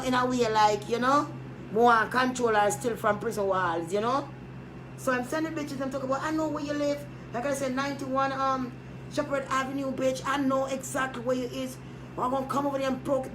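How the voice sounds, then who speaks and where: A woman rambling casually to camera, joking loudly, swearing and trailing off into mutters. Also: high-pitched. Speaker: vlogger. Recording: echoey room, noisy background.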